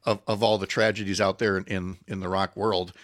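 A man's voice: deep voice, little pitch movement, brisk, a bit bright, dry recording, clean studio sound. A man hosting a morning radio talk show, chatting casually and rambling with restarts. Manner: rambling, self-correcting, chatty. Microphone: studio microphone.

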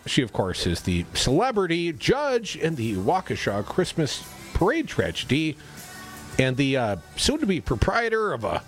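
A man with a higher-pitched voice and measured pace co-hosts a political talk radio show, faint music behind him. He reads news items in an animated, sarcastic way, tossing in quips.

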